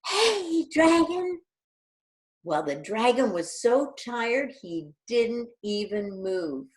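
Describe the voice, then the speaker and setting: A middle-aged woman, acting as a children's storyteller, reads a picture book aloud to young children in a slow, mid-range voice. She is animated and asks the kids questions along the way.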